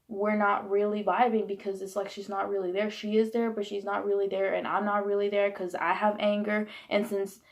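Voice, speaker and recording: Blunt, gravelly-voiced woman ranting. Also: medium pitch, level tone, a little fast, hardly any pauses. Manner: blunt, heated and profane. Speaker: vlogger. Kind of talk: candid personal rant.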